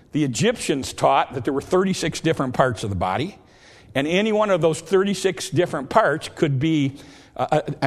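A man's voice: fairly high pitch, big-room sound. A man preaching a sermon in an earnest, plain way, often repeating and restarting his words.

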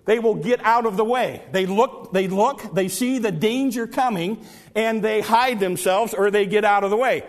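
A man with a high voice preaches a sermon at normal speed in a church's large hall. He tells folksy stories and repeats words when he wants to press a point home.

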